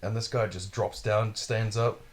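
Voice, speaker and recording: Low-voiced man telling profane stories. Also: a little slow. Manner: profane, animated, acts out quotes. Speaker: podcast host. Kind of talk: casual storytelling.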